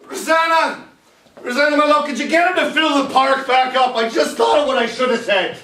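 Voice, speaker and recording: An actor playing a bitter immigrant Civil War captain who drinks alone and rambles sardonically. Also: male voice, very high-pitched, expressive, brisk, gravelly, a bit bright, slight background noise, heavily acted. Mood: sardonic. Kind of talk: solo stage monologue. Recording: roomy echo from far off.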